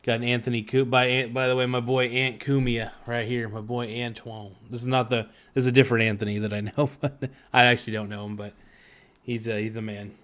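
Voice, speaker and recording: A man's voice: medium pitch, level tone, fairly quick, a bit bright. Rambling, profane man chatting to his live chat. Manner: rambling and profane, with many fillers. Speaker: livestream podcast host. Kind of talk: casual chat while eating, reading live chat.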